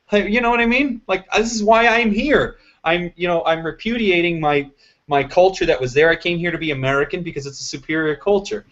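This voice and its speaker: Man, host, opinionated, emphatic, slightly high voice, dull lo-fi call audio. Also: animated, fairly quick, fairly bright tone. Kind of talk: casual political chat.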